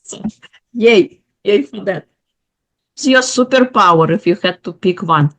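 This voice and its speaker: A woman's voice: medium pitch, expressive, measured pace. A woman hosting an interview show, affirming her guest enthusiastically before asking the next question. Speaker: podcast host.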